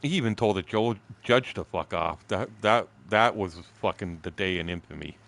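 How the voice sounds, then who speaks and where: A man's voice: sits low, normal speed, gravelly, a bit bright. A man in his sixties, a gaming streamer telling a crude, profane anecdote in a casual, chuckling way. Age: 60s. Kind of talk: casual storytelling while streaming.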